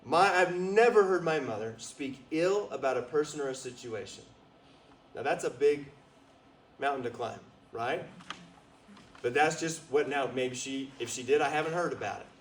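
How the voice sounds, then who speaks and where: A man giving a lively storytelling talk as a motivational speaker, drawing answers from a small live audience. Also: medium pitch, moderate pace, echoey room, distant mic, slight background noise, rough recording. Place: retreat meeting room with a small audience.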